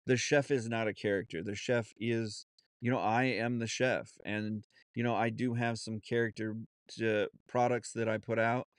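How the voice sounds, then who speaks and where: A man hosting his own podcast, talking off the cuff in an earnest, halting way with many restarts and fillers, and a Southern US accent. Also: on the low side, fairly even intonation, clear, resonant tone, no room sound, studio quality. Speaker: podcast host. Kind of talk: unscripted solo podcast talk.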